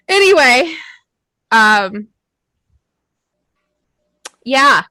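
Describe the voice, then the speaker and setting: Lively high-voiced woman podcaster, dry sound. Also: very slow, no room sound. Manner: self-deprecating, swearing, laughs often, acts out her own quotes. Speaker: podcast co-host. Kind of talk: casual podcast chat.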